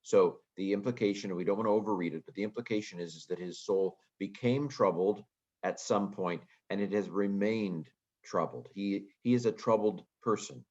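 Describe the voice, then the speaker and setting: A man with a very low voice talks through Greek grammar as a casual lecture. He muses aloud and fills pauses with ums. The audio is muffled and lo-fi. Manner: relaxed, thinking aloud with frequent ums. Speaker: Greek teacher.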